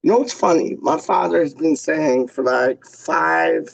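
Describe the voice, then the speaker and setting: Gravelly laid-back man, slow slangy chat. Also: a little high, no room sound, rough recording. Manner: slangy, laid-back, says "dog" and "straight up". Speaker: vlogger answering chat questions. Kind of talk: casual live-stream chat.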